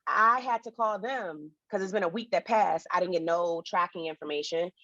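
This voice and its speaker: A woman's voice: on the low side, normal speed, fairly bright tone, dry recording. Blunt woman on a dull, dry line. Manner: blunt, swears casually, acts out phone calls. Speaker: podcast co-host. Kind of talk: casual storytelling chat.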